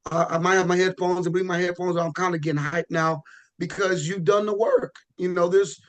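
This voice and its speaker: Relaxed, rambling man, fairly high voice. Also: a little fast. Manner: relaxed, rambling with frequent restarts and "you know". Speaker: podcast guest, pro bodybuilder. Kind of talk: casual podcast chat.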